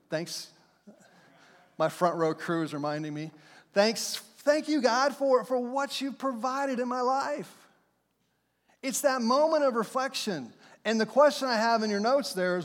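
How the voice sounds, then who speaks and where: A man preaching a sermon to his congregation in a lively storytelling manner, now and then acting out what people said. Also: sits high. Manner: storytelling, animated, acts out shouts and quotes. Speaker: pastor. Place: church sanctuary. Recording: long hall reverb.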